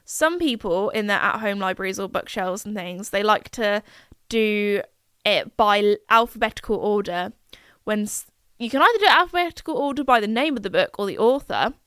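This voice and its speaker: A woman's voice: medium pitch, fairly bright tone, clean tone, dry recording, clean studio sound. A young woman, hosting a podcast in a rambling, chatty way full of fillers. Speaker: podcast host. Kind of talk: casual chat.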